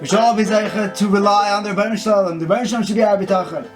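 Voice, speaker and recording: A man's voice: high voice, steady tone, very fast. A man giving a short, conversational Torah talk and story, peppered with Hebrew and Yiddish terms. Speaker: Torah teacher and singer. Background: guitar music.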